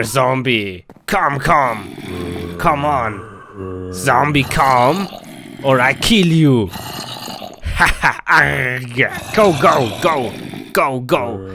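A man's voice: mid-range voice, gravelly, noisy background. A man performing a comic game-character skit, with exaggerated groans, pirate growls and laughing.

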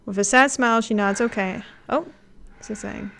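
A woman streaming a live game playthrough, reading the on-screen text aloud and reacting with excited gasps and laughter. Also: on the high side, a little fast, gravelly, slight background noise.

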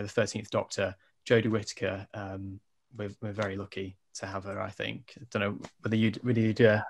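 A man speaking as an interview guest, talking with enthusiasm in a casual chat. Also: on the low side. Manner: enthusiastic, talks warmly. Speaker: online content creator guest.

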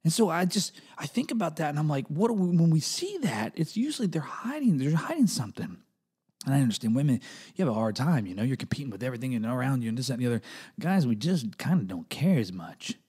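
Animated man doing a comedic podcast. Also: fast, husky. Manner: animated, jumps into high exaggerated bits, restless restarts. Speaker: podcast host. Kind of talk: comedic solo podcast monologue.

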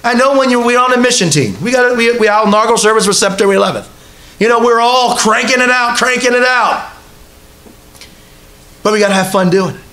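Male preacher, high voice, conversational sermon delivery, congregation present. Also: brisk, pushed and bright. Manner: conversational preaching with repeated rhetorical questions to the congregation. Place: church hall with a congregation.

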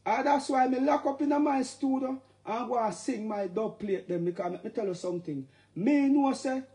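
High-voiced Jamaican man ranting heatedly. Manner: preachy and heated, breaks into shouts. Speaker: musician. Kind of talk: impassioned straight-to-camera rant.

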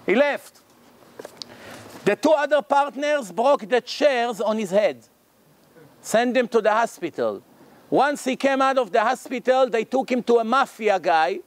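A man with a very high voice gives a religious lecture in English, a language he did not grow up speaking. He tells a long story and voices each person in it, so his pitch and loudness swing widely between narration and their lines. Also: measured pace. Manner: animated, acts out the characters' lines in the story. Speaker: rabbi. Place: lecture hall.

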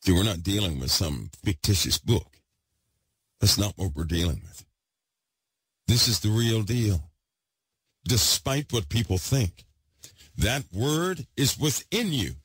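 A man preaching with great excitement, repeating himself for emphasis and swinging from loud bursts to hushed asides. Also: on the low side, slow pace, pauses often, breathy edge, no echo. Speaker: podcast host preaching. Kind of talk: impassioned preaching.

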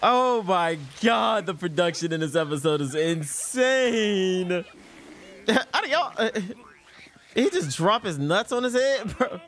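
A man hosting an anime reaction, commentating excitedly in heavy slang with loud exclamations. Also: high-pitched, takes it slowly.

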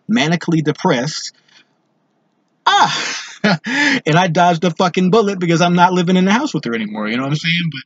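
A man's voice: a little high, husky, no echo, dull audio. A man hosting his own show, telling a personal story in a blunt, rambling way, swearing constantly. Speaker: show host. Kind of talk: profane personal storytelling monologue.

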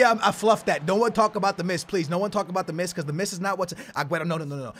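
A young man giving excited commentary over his own soccer video game match, yelling at goals and humming between plays. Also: on the high side, quick pace, few pauses. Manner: hyped, yelling at goals, playful banter; hums and sings snatches between plays. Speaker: gaming YouTuber.

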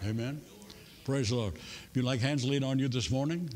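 A man preaching a sermon in a church in a folksy, humorous way, with soft music faintly behind him. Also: medium pitch, moderate pace. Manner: folksy and humorous, playing out voices in stories. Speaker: pastor. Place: church sanctuary.

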